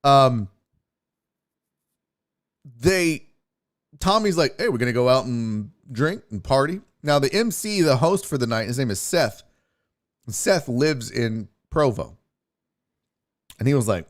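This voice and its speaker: A man's voice: medium pitch, normal speed, pauses often. A young man hosting his own show, telling road-trip stories in a casual, profane way and acting out what people said. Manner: profane, animated, acts out quotes. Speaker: podcast host. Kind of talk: casual storytelling.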